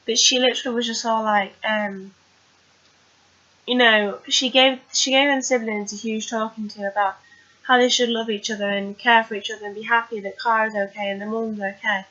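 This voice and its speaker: A woman's voice: on the high side, steady tone, normal speed, pushed and bright. A woman chatting casually through a TV episode recap, rambling with lots of fillers. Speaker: TV recap vlogger. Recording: dull lo-fi recording.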